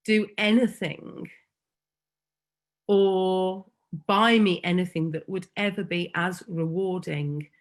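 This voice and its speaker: A woman, a foster carer telling a heartfelt personal story, slow and emotional with frequent pauses. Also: mid-range voice. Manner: slow and emotional, pausing often.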